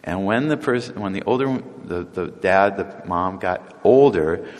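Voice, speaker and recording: Casual low-voiced male preacher in a reverberant hall. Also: measured pace. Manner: casual, chuckling, acts out voices of people in the stories. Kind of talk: conversational sermon.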